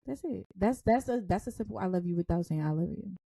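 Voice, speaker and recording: A young woman co-hosting a casual podcast, an animated and self-described dramatic storyteller. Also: medium pitch, quick pace, creaky, slightly rough, no echo. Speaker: podcast co-host.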